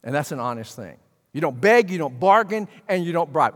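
A man preaches a sermon, talking to the congregation in a conversational way and moving from quiet asides to loud bursts. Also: on the high side, expressive, fairly quick, big-room sound. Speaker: pastor.

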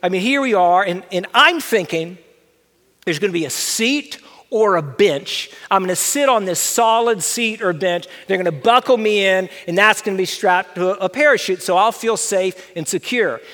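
A middle-aged man telling a personal story to an audience, animated and self-deprecating. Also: sits high, moderate pace. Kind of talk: storytelling talk with slides. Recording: long hall reverb.

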